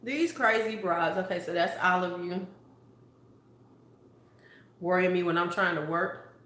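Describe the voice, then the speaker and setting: A woman's voice: lowish voice, level tone, unhurried, fairly bright tone. A woman beauty vlogger in a casual live-stream chat, playful and talking straight to her viewers. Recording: roomy echo.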